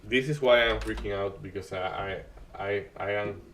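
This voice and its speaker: A man hosting a live day-trading stream, talking through market moves in a halting way with many restarts and uneven grammar. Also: lowish voice, fairly bright tone, far from the mic, a little hiss or hum. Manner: halting, restarts often, non-native grammar.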